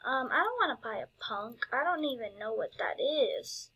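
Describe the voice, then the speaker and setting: A woman's voice: high voice, lively intonation, moderate pace, sharp tone, husky. A woman giving casual gameplay commentary, giddy and gushing, with lots of fillers and exclamations. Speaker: gameplay video creator.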